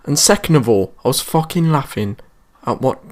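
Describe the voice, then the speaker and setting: A British man recounts a school story straight to camera in a loose, casual way. His talk is full of slang and swearing, and his voice sits at an ordinary middle pitch. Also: lively intonation, moderate pace. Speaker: vlogger.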